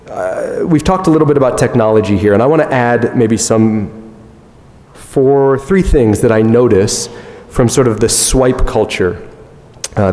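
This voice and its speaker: A man in his thirties giving a conference talk, telling a self-mocking family story in an animated way. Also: medium pitch. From United States. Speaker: conference speaker. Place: large conference hall. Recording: long hall reverb.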